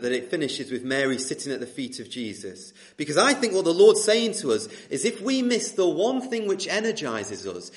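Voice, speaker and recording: Animated young man preaching. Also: a little high. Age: 20s. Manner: lively, asks rhetorical questions, repeats phrases. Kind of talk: sermon. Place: church hall with congregation.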